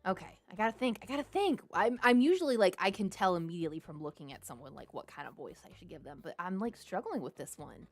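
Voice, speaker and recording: A woman's voice: on the low side, very animated, quick pace, hardly any pauses, no room sound, soft background music. A woman from Texas, chatting through a game for her viewers, jumpy and giggly. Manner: jumpy, giggly, talks to chat. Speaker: game streamer. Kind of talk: live game commentary.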